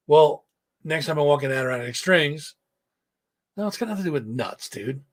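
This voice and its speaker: A man hosting a casual live stream, hoarse, telling a rambling, profane story and breaking off to talk to his chat. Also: a little high, expressive, normal speed, long pauses. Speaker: host.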